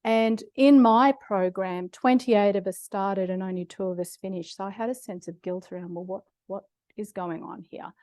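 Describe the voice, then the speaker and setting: A woman's voice: medium pitch, steady tone, moderate pace, hardly any pauses, a little mellow, no room sound. Middle-aged Australian woman lecturer, wry storyteller, dry close mic. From Australia (Queensland). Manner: humorous, self-deprecating storytelling with laughs. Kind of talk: public lecture with personal stories. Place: lecture hall.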